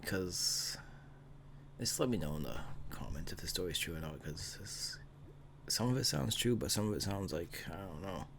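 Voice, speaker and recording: A man hosting a reaction video, throwing in brief, quiet interjections and asking viewers to comment. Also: low-pitched, lively intonation, normal speed, creaky, background noise.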